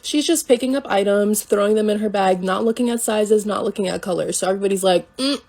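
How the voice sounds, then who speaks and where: A woman telling a casual story about her job, animated and quoting coworkers and customers. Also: mid-range voice, quick pace. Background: faint music.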